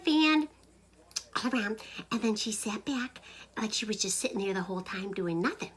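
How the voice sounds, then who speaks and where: A woman telling a funny story to camera in an animated, playful way, sometimes dropping into whispers. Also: mid-range voice, breathy edge. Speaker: joke teller, host.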